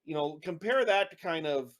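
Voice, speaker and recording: Guy on a movie podcast, bit high voice, rambles and restarts a lot. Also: animated, normal speed. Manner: rambling, hesitant with many restarts. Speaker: podcast co-host. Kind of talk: casual movie review chat.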